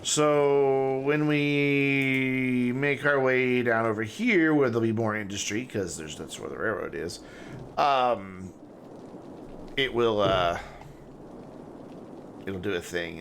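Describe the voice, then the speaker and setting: In casual live commentary on a city-building game, a man chats and thinks aloud, his sentences rambling before trailing off. His medium-pitched voice is unhurried, gravelly and a bit bright, with slight background noise.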